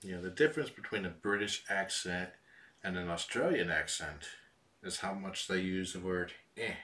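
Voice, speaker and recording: A man casually commenting to viewers from home, relaxed and chatty with dry asides. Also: low voice, moderate pace, recorded from a distance. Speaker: live stream host. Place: home room with cats.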